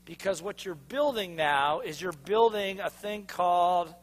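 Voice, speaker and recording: A man giving an energetic motivational seminar talk, firing questions at a live audience and urging them to respond. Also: sits high, measured pace. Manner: energetic, punchy, constantly asks the audience to respond. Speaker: motivational speaker.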